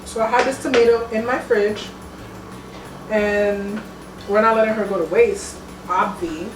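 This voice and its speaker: A woman's voice: mid-range voice, fairly even intonation, measured pace. Chatty young woman in an echoey kitchen. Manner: chatty, playful, slangy, talks to viewers. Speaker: cooking vlogger. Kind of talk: casual cooking vlog. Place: home kitchen. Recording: echoey kitchen, mic at a distance. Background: music playing.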